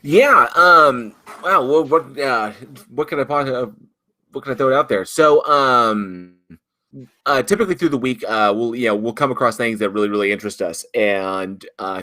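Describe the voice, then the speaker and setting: A man's voice: lowish voice, no echo. A man hosting a live online talk show in casual chat, telling stories and acting out what people said. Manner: animated storyteller, acts out quotes.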